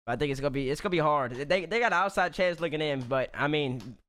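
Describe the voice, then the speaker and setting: A man's voice: on the high side, lively intonation, fast, a bit bright. A man giving his takes in casual panel chat, rambling and often repeating himself. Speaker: panel guest.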